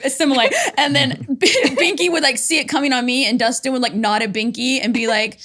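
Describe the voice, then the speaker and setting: A woman's voice: high-pitched, steady tone, brisk, a bit bright. A woman hosting a podcast in casual chat, bubbly and laughing often as she talks. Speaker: podcast host.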